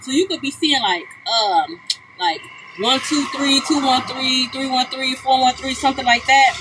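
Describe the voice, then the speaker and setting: A woman with a fairly high voice gives a live tarot reading on her phone while standing outdoors. She talks bluntly, swears freely and keeps repeating her points. Clear street noise runs under her voice. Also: moderate pace. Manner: blunt, profane, repetitive. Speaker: tarot reader. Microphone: phone livestream.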